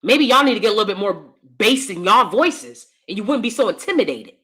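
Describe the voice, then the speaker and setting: Reading her chat a little fast, this American livestream host is animated and blunt in a casual setting. She jumps from a high voice to a deep one and laughs through her asides.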